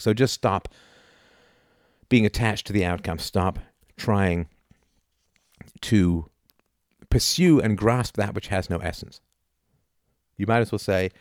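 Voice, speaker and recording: A man's voice: on the low side, slow pace, pauses often, no echo, studio quality. A man explaining philosophy in unscripted talk, restarting and repeating words, often checking in with "right?". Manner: leans on rhetorical "right?" checks.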